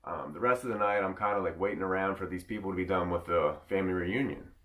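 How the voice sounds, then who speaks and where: A man with a low, deep voice tells a personal story in a loose, rambling vlog style. He doubles back and restarts his sentences as he goes. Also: fast, fairly bright tone. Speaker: vlogger. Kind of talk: casual storytelling.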